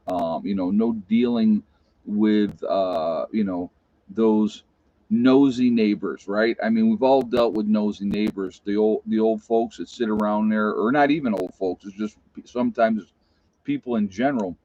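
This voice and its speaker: A man's voice: lowish voice, darkish tone, dry recording. Middle-aged appalachian guy chatting on a live stream, rambles and drifts off track, dry dull lo-fi sound. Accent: Appalachian American. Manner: rambling, loses his train of thought, reads chat aloud. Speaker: livestream host. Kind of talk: casual live-stream chat.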